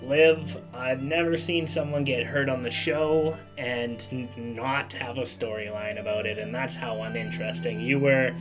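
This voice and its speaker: A man's voice: medium pitch, fairly even intonation, normal speed, few pauses, over music, poor audio. A man hosting a casual podcast, running the segments and handing turns to his co-hosts. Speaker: podcast host.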